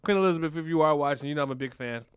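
A man's voice: fairly high pitch, racing, clear, resonant tone. A man co-hosting a podcast, rambling through crude casual banter full of profanity and "you know what I'm saying.". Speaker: podcast co-host.

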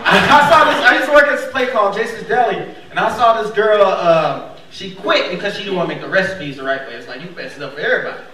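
A man's voice: fast talker, few pauses, a little hiss or hum. A young man performing a stand-up comedy set, acting out characters with big jumps in his voice. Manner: animated, acts out characters with big pitch jumps. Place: comedy club stage before a laughing crowd. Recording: echoey club audio, mic far off, crowd laughing. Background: audience laughter.

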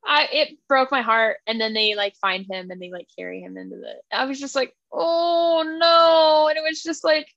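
A woman's voice: fairly high pitch, animated, brisk, creaky, hardly any pauses, pushed and bright, no room sound, lo-fi sound. A young woman co-hosting a casual book podcast, retelling scenes in a gushing, emotional way with lots of fillers. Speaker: podcast co-host.

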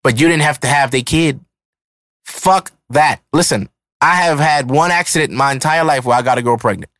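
A man's voice: on the high side, normal speed, fairly bright tone, no echo. A man in his thirties hosting a podcast, ranting in a heated, profane, emphatic monologue. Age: 30s. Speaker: podcast host.

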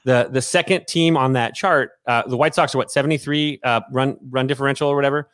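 A man's voice: mid-range voice, steady tone, brisk, a bit bright, no room sound. A man co-hosting a podcast, riffing and joking with profanity in casual sports chat. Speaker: podcast co-host.

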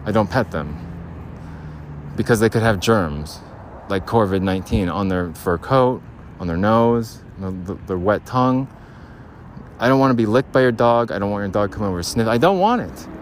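A man's voice: lowish voice, moderate pace, a little hiss or hum. A man talking on his own podcast while walking outdoors, ranting bluntly and swearing casually as he rambles. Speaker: podcast host. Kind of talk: rambling solo podcast monologue.

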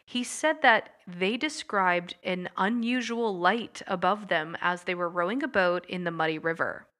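A young woman telling a story on her podcast in a loose, chatty way. Her voice is bright and forward, and she drops in little laughs and plenty of fillers as she goes. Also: fairly low pitch, unhurried. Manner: chatty, giggly, with frequent fillers. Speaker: podcast host.

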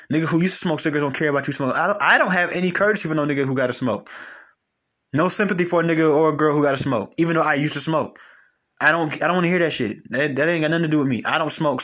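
A young man talks straight to the listener in a casual monologue. His voice is bright and sits a little high. He is blunt and animated, circling back on his points with slang and repeated phrases. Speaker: commentator.

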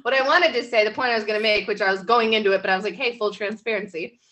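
Bright, animated woman podcast co-host. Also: medium pitch, racing. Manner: animated, laughs often, swears. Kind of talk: casual podcast chat.

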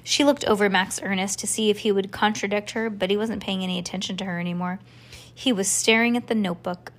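A woman reading a children's storybook aloud to a child, with a calm storytelling cadence. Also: medium pitch, fast. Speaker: reader to a child.

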